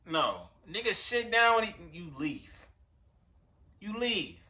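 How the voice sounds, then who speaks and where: A man riffing in casual reaction commentary, slangy and full of profanity. His voice sits high and rings bright and forceful. He jokes in loose asides. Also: big pitch swings, takes it slowly. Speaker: reaction video host.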